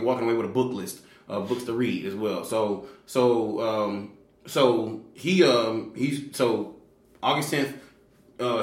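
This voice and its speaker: A man telling a story in casual conversation, animated and slangy, with many fillers and restarts. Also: roomy sound. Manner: animated, acts out quoted people with big pitch jumps. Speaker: guest telling his story.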